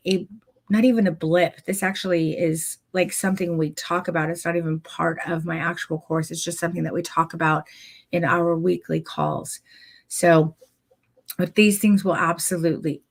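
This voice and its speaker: Encouraging woman teaching a masterclass. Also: fairly low pitch. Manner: encouraging, addresses viewers directly; demonstrative, coaching. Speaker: photography posing instructor.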